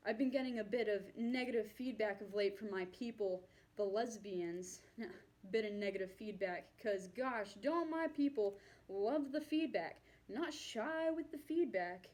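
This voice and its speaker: A woman performing a stand-up comedy set on stage, with a dry, self-deprecating delivery. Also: on the high side. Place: on stage before an audience.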